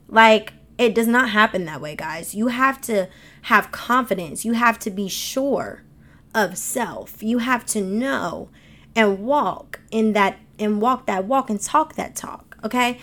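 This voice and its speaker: Woman, AAVE, motivational podcast host; emphatic, animated delivery. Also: fairly high pitch, slow. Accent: African American Vernacular English. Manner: emphatic, animated, speaks with slang. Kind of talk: motivational monologue.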